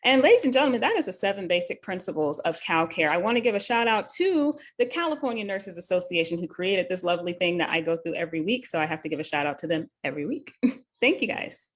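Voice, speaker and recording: A woman hosting a live talk show as a nurse, explaining a bill in an earnest, conversational way with many fillers and self-corrections. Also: mid-range voice. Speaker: host and nurse.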